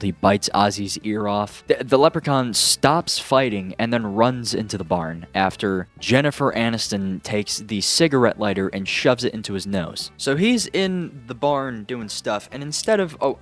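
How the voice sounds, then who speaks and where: A man recapping a film in a casual, exasperated and sarcastic way, often pausing to ask "okay?". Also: fairly low pitch. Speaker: movie reviewer.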